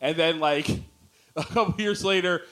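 A man on a comedy podcast, swearing often and shouting crude jokes in casual chat. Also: on the high side, a little slow.

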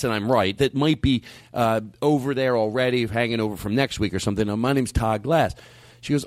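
A man tells a story in casual podcast chat. He acts out his own frustration, and his voice jumps high and loud when he does. The sound is dry and close. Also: animated, a little fast, dry recording. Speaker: podcast host, comedian.

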